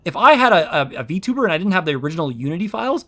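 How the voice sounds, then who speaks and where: A man's voice: on the high side, very animated, quick pace, sharp tone. A man chatting casually on his stream as a VTuber, rambling and explaining things with plenty of ums and restarts. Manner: rambling, explains with many fillers. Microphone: own streaming mic.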